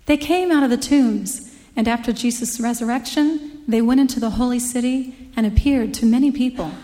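A woman with a somewhat high voice reads scripture aloud in a steady, measured delivery. Her voice rings with the long reverb of a church sanctuary. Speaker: scripture reader. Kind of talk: scripture reading.

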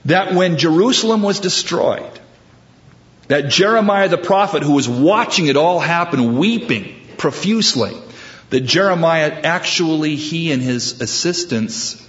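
A male preacher teaches from scripture in an easy, conversational style and often restarts his phrases. His voice sits at an ordinary mid pitch. The recording sounds dull and somewhat muffled. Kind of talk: sermon.

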